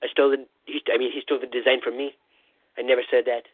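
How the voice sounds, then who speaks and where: Man doing a husky blustering president over the phone. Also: medium pitch, level tone, racing, dry recording, close to an everyday voice. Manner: rambling, repetitive "listen", boastful bluster. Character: blustering boastful male president, rambling and self-praising. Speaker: comedy caller. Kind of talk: comic impression call-in. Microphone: phone call-in. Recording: tinny phone line, dry.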